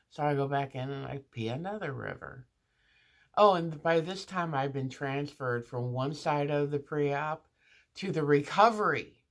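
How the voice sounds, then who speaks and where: A woman's voice: low voice, a little slow. A woman vlogger telling a casual story in a chatty monologue, with restarts and asides, acting out the other people in it.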